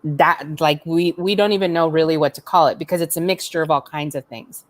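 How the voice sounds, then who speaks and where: A woman guest, a relationship coach, talking earnestly and haltingly and repeating words as she thinks. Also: deep voice, steady tone. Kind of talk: casual interview chat.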